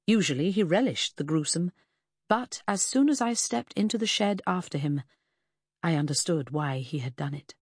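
A woman narrating a novel in the first person, in a measured reading that slows on grim details. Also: on the low side, lively intonation, husky, no room sound, clean studio sound. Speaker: audiobook narrator.

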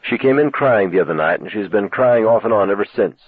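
A man's voice: lowish voice, animated, brisk, husky, no room sound. A man reading aloud, voicing a cool, protective middle-aged mother. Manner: cool, clipped. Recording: tinny lo-fi cassette sound.

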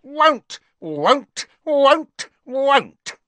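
A man voicing a spiteful male house elf servant with a croaking, shrill voice and stubborn refusals, in an audiobook. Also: very animated, drawn-out words, bright, forceful tone, no echo, exaggerated voice. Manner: stubborn muttered refusals rising to a scream. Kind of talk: audiobook character voice.

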